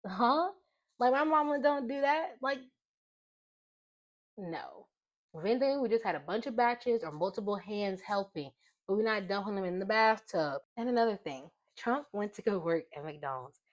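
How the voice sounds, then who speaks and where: Brief: young woman in her twenties, mid-pitched, chatty and animated, loose rambling delivery. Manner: animated, rambling, quick to exclaim. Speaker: vlog host. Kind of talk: casual opinion vlog.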